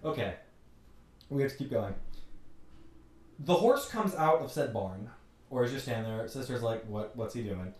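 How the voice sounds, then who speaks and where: A man's voice: medium pitch, expressive, normal speed, pauses often, darkish tone, roomy sound, far from the mic. A man giving an exasperated, joking recap of a bad movie, putting on mocking voices as he goes. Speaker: movie reviewer. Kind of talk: comedic movie rant.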